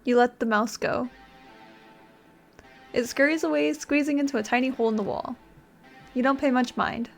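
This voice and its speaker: Soft music plays behind this young streamer, whose high voice carries vocal fry and long pauses at a moderate pace. She dramatically reads game text aloud, then chats in between, hesitating with fillers.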